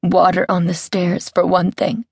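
A woman's voice: on the low side, flat delivery, measured pace, gravelly, husky, no room sound, heavily acted. A woman voicing a whimpering melodramatic woman. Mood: aggrieved. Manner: aggrieved, histrionic, soft distressed tone.

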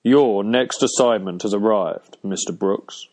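A man's voice: on the low side, a little slow, a little mellow. A man voicing a formal, boisterous male servant in an audiobook, speaking in a ceremonious, pompous way.

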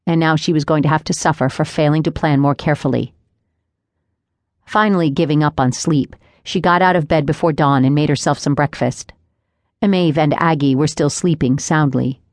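A woman narrating a historical mystery audiobook in an even, measured storytelling voice, recorded close on a studio mic. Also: low voice, dry recording.

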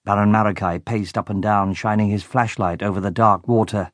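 A man narrating a children's audiobook in a lively, expressive way. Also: on the low side, fairly quick, few pauses, dry recording, clean studio sound.

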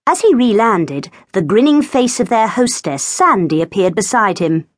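Expressive woman audiobook narrator. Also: mid-range voice, normal speed, dry recording, studio quality. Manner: expressive, lively storytelling. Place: recording studio. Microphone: close studio mic.

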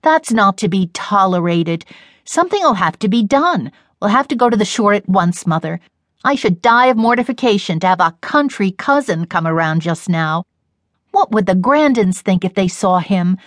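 A woman's voice: mid-range voice, expressive, moderate pace, no echo, clean studio sound, lightly acted. A woman voicing a spoiled, stout young daughter, whiny and dramatic in her complaints. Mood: petulant.

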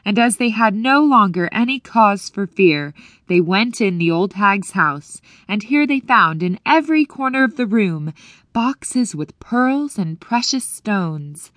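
A woman reading a fairy tale aloud for an audiobook, clear and measured, her voice rising when the story turns to wonder. She sits at a mid pitch, recorded dry and close in a booth. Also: animated, a bit bright, no room sound. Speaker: audiobook narrator. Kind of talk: scripted narration.

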